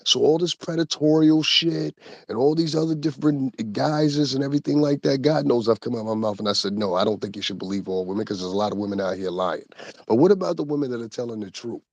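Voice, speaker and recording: A man's voice: medium pitch, fast, dry recording, dull audio. A man giving a heated, profane, casual commentary rant with laughing asides. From Connecticut, USA. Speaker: commentary host.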